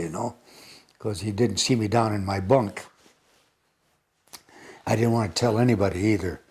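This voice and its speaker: An American man in his nineties reminisces about the war for an oral history interview, rambling, chuckling, and often starting over. His lowish voice is husky and a little mellow, moving at normal speed with long pauses.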